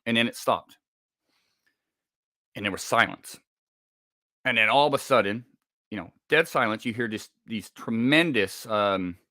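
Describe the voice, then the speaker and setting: Middle-aged man, halting storyteller, bright forceful voice, dry close sound. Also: fairly low pitch, no room sound. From Scotland. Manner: halting, repeats words, builds tension. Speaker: guest telling an encounter story. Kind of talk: casual storytelling.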